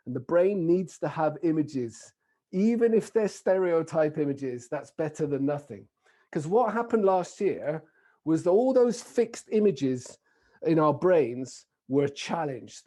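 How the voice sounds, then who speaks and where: A middle-aged man with a British accent, giving a lively, playful keynote talk over a video call. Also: fairly high pitch. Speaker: keynote speaker. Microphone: video call microphone.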